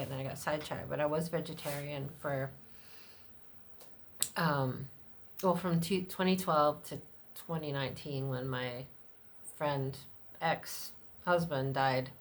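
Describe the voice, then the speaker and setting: A middle-aged woman with a notably low voice chats unfiltered in a personal vlog. She rambles, drops fillers and swears freely, and now and then jumps much higher to act out what others said to her. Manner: acts out other people's lines in a much higher voice. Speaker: vlogger. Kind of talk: unscripted personal vlog chat.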